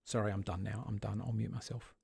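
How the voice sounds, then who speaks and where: A man's voice: fairly low pitch, fairly even intonation, quick pace, vocal fry, mellow, slightly rough. A man hosting a casual online debate, arguing in long, rambling runs of rhetorical questions. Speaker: host of an online discussion.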